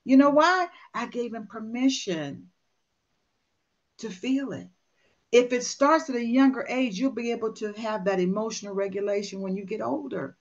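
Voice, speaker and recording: A woman's voice: fairly high pitch, moderate pace, lo-fi sound. An older woman, a motivational speaker, talking candidly and emphatically, acting out her own inner dialogue. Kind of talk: candid conversational talk.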